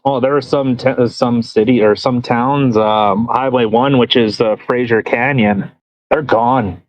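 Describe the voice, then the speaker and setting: A man's voice: mid-range voice, steady tone, a little slow, muffled recording. Rambling casual podcast guy. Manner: rambling, restarts with many fillers. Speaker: podcast co-host. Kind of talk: casual chat.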